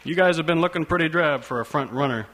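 A man voicing a loud, bossy retired father who lectures his son. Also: a little high, quick pace, voice pushed up. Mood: bluff. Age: older. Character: loud, brusque retired baseball-fan father.

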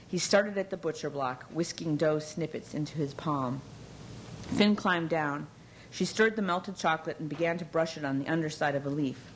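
A woman with a low, grounded voice reads a novel aloud. Her storytelling is measured and even, in scripted narration. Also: slight background noise, low-quality recording. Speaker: audiobook narrator.

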